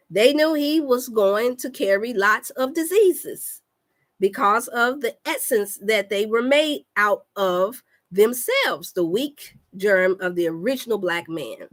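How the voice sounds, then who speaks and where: A bit bright and a little high, this woman's voice belongs to a health coach giving an impassioned, sermon-like livestream talk. Phrases get repeated for emphasis, and she addresses her listeners directly.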